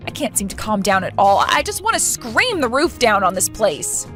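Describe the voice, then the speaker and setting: A woman voicing an outraged young bride, with soft music under her. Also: a little high, big pitch swings, normal speed. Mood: furious. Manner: indignant, accusing. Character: young bride, humiliated and furious. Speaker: voice actor in a story video. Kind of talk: scripted voice acting. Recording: faint background music.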